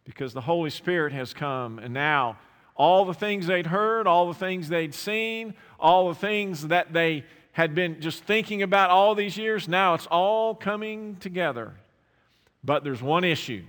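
A man's voice: high-pitched, unhurried, a bit bright, in a large hall. A man preaching a sermon to his congregation, putting rhetorical questions to the listeners. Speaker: pastor. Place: church sanctuary.

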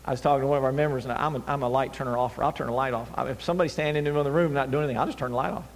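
A male pastor preaching a sermon, animated, swinging between loud emphasis and near-whispers. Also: mid-range voice, racing, slight background noise. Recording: long hall reverb.

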